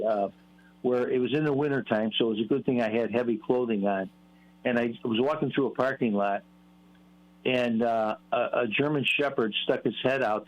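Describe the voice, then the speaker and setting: A man calling in to a radio show, chatting casually with a halting manner full of fillers. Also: mid-range voice. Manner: hesitant, many fillers and restarts. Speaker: caller. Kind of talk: casual phone-in chat. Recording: dull phone-line sound.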